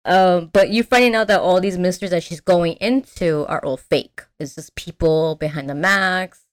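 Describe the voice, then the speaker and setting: A young adult woman host recapping a movie in casual chat. She talks in an animated, slangy way, with lots of fillers and restarts. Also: lowish voice, moderate pace. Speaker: podcast host.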